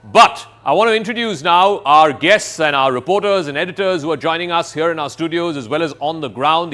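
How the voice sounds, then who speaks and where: A man anchoring a live studio news broadcast, brisk and questioning as he introduces guests. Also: fairly high pitch, a bit bright.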